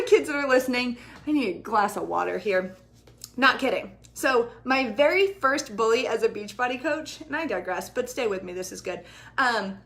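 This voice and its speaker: Lively, chatty woman with a high voice. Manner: chatty, animated, swears freely. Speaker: fitness coach. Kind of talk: casual livestream chat. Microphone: ring light and camera close up.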